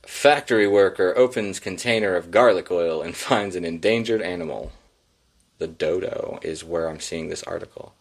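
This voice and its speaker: Guy with a lowish voice doing an unscripted headline rant, swears a lot, sarcastic. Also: moderate pace. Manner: sarcastic, profane, rambling. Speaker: podcast host.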